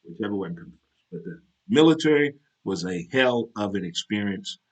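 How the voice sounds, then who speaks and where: A man hosting his own casual talk show, animated and chatty, breaking into military cadence chants. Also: lowish voice, moderate pace, slightly rough. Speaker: show host.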